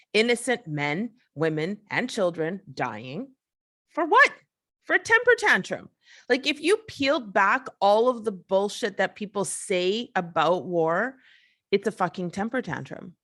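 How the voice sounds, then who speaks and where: A woman with a lowish, slightly bright voice hosts a solo podcast, venting in a casual rant. She sounds frustrated and emphatic, and she swears freely.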